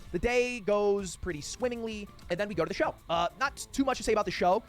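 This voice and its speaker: A young man in his twenties, a streamer telling a story casually, animated and swearing freely. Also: high voice, fast, soft background music.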